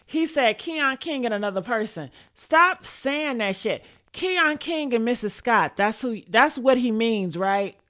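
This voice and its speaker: A woman with a bright, ringing voice hosts a live stream and reacts to news footage. Her speech swings widely in pitch as she talks bluntly to her viewers, swearing freely. She sits a little higher than most women. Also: unhurried, hardly any pauses. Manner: animated, blunt and profane, talks straight to viewers. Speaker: host.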